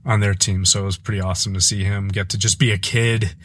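A man chatting as a podcast guest, telling personal stories in a casual, animated way that sometimes halts and restarts. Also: dry recording. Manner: animated, playful, jumps into high voices mimicking his kids; halting, with frequent restarts when reflective. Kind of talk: casual conversational storytelling.

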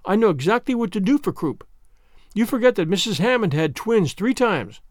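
A man's voice: sits high, very animated, moderate pace, no echo, studio quality. A man voicing a talkative, imaginative young girl who chatters earnestly and at length. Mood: eager.

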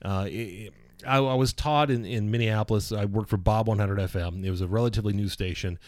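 A man who works as a radio personality, telling stories in casual conversation in an animated way, swearing now and then and acting out the people he quotes. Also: lowish voice, brisk, no echo, studio quality.

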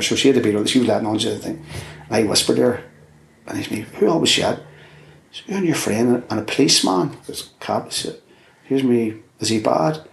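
Older Belfast man, interviewee, low gravelly voice, echoey room, telling a rambling story. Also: a little hiss or hum. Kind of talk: oral history interview. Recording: roomy echo.

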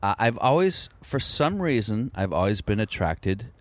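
A man's voice: lowish voice, very animated, moderate pace, fairly bright tone. A man who is a comedian, guesting on a podcast and telling stories about himself in a wry, self-deprecating way. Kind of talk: casual podcast interview.

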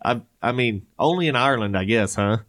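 A podcast co-host speaks in a mid-range, slightly bright voice with lively intonation and a brisk pace. He reads odd news stories in a casual chat, adding joking, rambling asides and laughing often.

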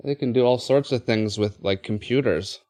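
A man's voice: medium pitch, moderate pace, a little mellow, no echo, studio quality. A man playing his character in a tabletop game, reassuring and agreeable. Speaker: player. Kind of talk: casual in-character chat.

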